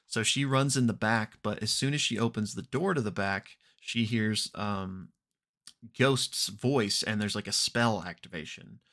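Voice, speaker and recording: A man hosting a podcast, casually recapping an actual-play episode with many ums and quick acted-out quotes. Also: fairly low pitch. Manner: relaxed, unhurried retelling with frequent ums and throat clearing; briefly acts out characters' lines in quoted voices.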